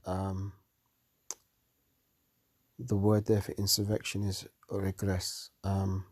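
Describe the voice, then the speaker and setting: A tired man teaching from the Bible late at night, reading verses aloud and commenting on them slowly. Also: lowish voice, darkish tone, no echo, clean studio sound. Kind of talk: scripture study talk.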